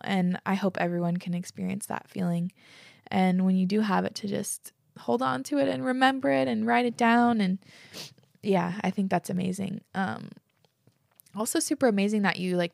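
A woman hosts her podcast in a relaxed, chatty voice with a touch of vocal fry. She is upbeat and peppers her talk with likes and ums. The sound is dry and close, with no room around it. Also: fairly low pitch, no room sound. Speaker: podcast host. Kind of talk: casual podcast chat reading listener messages.

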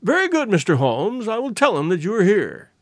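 A man's voice: high-pitched, huge pitch swings, a little fast, no room sound, studio quality, voice pushed up. A man doing a nervous, deferential secretary. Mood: polite, evasive. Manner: polite, deferential. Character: deferential, wary male secretary, polite and nervous.

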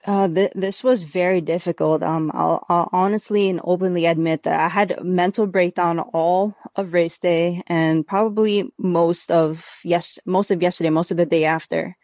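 A woman's voice: fairly low pitch, fairly even intonation, normal speed, few pauses, darkish tone, no room sound, studio quality. Earnest woman, rambling interview guest. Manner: earnest, rambling with many fillers. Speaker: podcast guest, athlete. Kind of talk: casual interview talk.

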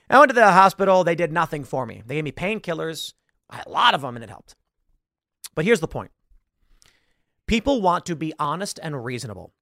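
A man's high, creaky voice comes through a dry, studio-quality recording. As a podcast host, he gives a monologue of opinionated commentary, telling stories with animation and impersonating the people he quotes.

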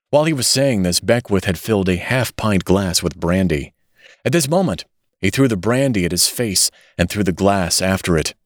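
A man narrating a classic short story as an audiobook reader, in an expressive, dramatic way. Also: low-pitched, normal speed, no room sound, studio quality. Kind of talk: scripted narration.

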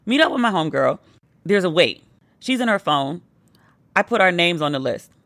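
Tipsy woman podcast host, animated storytelling. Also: on the low side, moderate pace, no room sound, studio quality. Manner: animated, playful, mimics friends' voices. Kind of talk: casual storytelling monologue.

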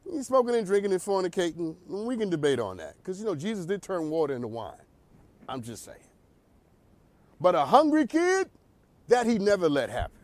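A man's voice: a little high, dry recording. A man hosting a talk show, riffing in a casual comedic monologue with preachy asides. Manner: animated, preachy riffs with laughs and asides.

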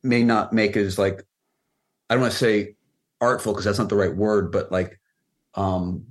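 Low-voiced man chatting loosely. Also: a little slow. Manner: relaxed, rambling, frequent "like" fillers. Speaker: film and music video director, guest. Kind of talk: casual podcast conversation.

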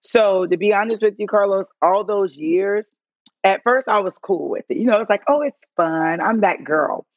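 A woman's voice: lowish voice, no echo, muffled recording. A woman chatting as a podcast guest, telling stories with lots of swearing and laughter. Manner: profane, laughing, animated storyteller. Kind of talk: casual interview chat.

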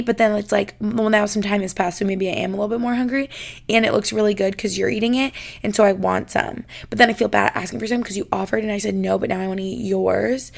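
A woman's voice: mid-range voice, creaky. A young woman hosting a casual podcast, reading listener confessions and chatting about them, saying "like" constantly. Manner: chatty, says "like" constantly, laughs while reading. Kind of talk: casual chat.

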